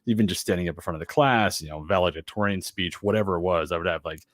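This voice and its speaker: A man with a very deep voice talks quickly and reassuringly as a podcast host. His voice sounds dry and close to the mic. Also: a bit bright, no room sound. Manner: quick, encouraging conversational talk. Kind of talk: casual podcast conversation.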